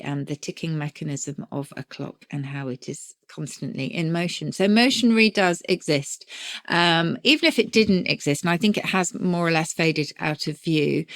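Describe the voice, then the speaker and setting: A woman co-hosting a podcast, enthusiastically explaining word origins with frequent ums. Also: deep voice. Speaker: podcast co-host, word expert.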